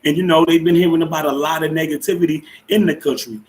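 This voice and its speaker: An upbeat man hosting a live stream in a casual, chatty way. His voice sits a little higher than most men's. He keeps greeting his viewers and giving them shout-outs. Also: steady tone, quick pace.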